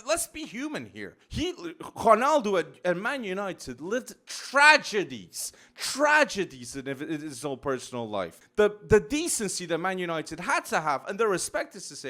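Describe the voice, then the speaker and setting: A male podcast host, talking football in an emphatic, animated way with many restarts. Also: high voice, normal speed, hardly any pauses. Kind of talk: casual football podcast talk. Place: Portugal.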